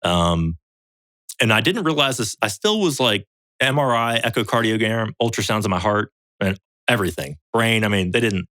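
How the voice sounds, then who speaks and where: A man's voice: lowish voice, moderate pace, no echo. A man, a podcast guest, telling a story in casual chat, acting out other people's lines and swearing freely. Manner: animated storyteller acting out quotes in raised voices. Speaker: podcast guest, survival show veteran.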